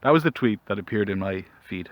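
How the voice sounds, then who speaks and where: A man delivering a mock-dramatic comedic monologue outdoors, mock-solemn and rambling, with theatrical pauses. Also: on the low side, animated, dry recording, dull audio. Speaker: commentary vlogger.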